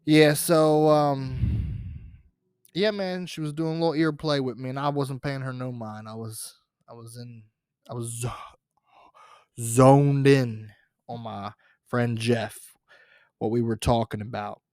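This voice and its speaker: A man hosting his own podcast, telling a comic high school story in a rambling, profane way with many fillers and restarts. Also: steady tone, a little slow, long pauses, a little mellow, smooth, dry recording, clean studio sound. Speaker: podcast host.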